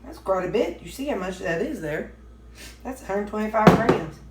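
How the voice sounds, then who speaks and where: Vlogging casually about diet from her home kitchen, a woman talks at normal speed in a mid-range voice with lively intonation, rambling through many fillers and restarts. The recording is echoey with dish clatter and heavy background noise.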